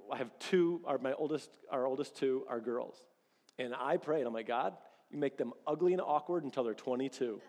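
Pastor, 30s, man, slightly high voice, chatty animated preaching, big echoey hall. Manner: conversational, animated preaching with acted-out quotes. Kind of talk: sermon. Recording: long reverb of a large hall.

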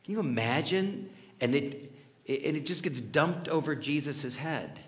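A man's voice: fairly high pitch, animated, measured pace. A middle-aged man preaching a sermon in a conversational way, telling personal stories and asking his listeners questions. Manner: conversational, storytelling, asks the audience questions. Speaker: pastor.

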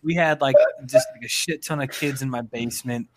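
A man's voice: medium pitch, brisk, very noisy. A man in his thirties telling loose, profane stories in a casual group chat. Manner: loose storytelling with heavy swearing.

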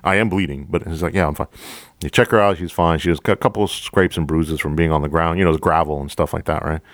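A man hosting a podcast, a police officer telling a story from the job in a profane, animated way, acting out both sides of the dialogue. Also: extremely low pitch, fast talker, dry recording. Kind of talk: storytelling monologue.

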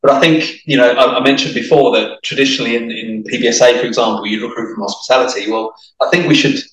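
A man answering interview questions in a reflective, measured way, sometimes repeating words as he thinks. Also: medium pitch, a bit bright. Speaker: interview guest, industry executive. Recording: echoey room, mic held far off.

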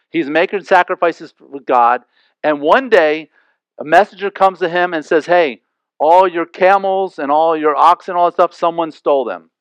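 A man preaching a sermon in a loose, chatty way that keeps checking in with his listeners. His voice sits a little high for a man. The recording sounds slightly dull and very dry. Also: fairly bright tone, no room sound. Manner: conversational, with frequent asides and rhetorical questions. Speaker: pastor.

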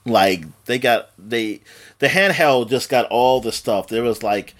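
A man's voice: medium pitch, measured pace. A man in his late thirties co-hosting a podcast, rambling through casual chat with lots of fillers and laughing often. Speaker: podcast co-host.

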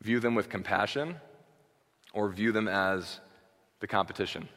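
Guy pastor preaching, low voice, chatty sermon with lots of okays, long hall echo. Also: fairly even intonation, measured pace, fairly bright tone. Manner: conversational preaching with many "okay"s and restarts.

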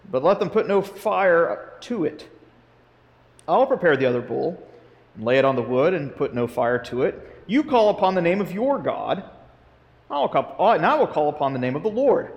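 A man, a pastor, reading scripture aloud during a sermon, earnest and emphatic, swelling dramatically on quoted speech. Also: fairly high pitch. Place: church sanctuary. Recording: long church reverb.

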